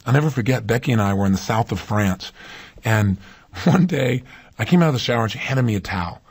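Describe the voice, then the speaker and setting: Fast-talking husky motivational speaker man. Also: medium pitch, animated. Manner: emphatic, asks the listener rhetorical questions. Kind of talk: motivational talk.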